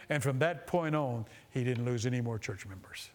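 A man preaching a sermon, reading a story aloud with passion and slowing for emphasis. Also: mid-range voice. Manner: impassioned reading that slows for emphasis.

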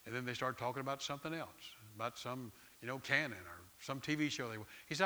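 A middle-aged pastor, preaching in a conversational, storytelling way and often repeating words. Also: male voice, mid-range voice, lively intonation, quick pace, hardly any pauses, pushed and bright. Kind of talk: sermon.

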